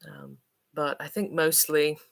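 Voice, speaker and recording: A woman's voice: sits low, level tone, a little slow, vocal fry. A woman from Manchester, an English teacher, chatting on a livestream Q&A in a hesitant, friendly way with lots of ums and uhs. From Manchester, England.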